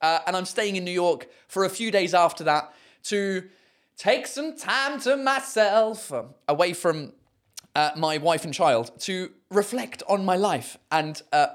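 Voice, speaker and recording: A man hosting a live podcast from his garden shed, chatting casually and swearing freely, with plenty of fillers. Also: a little high. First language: English. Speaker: podcast host. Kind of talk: casual live-stream chat.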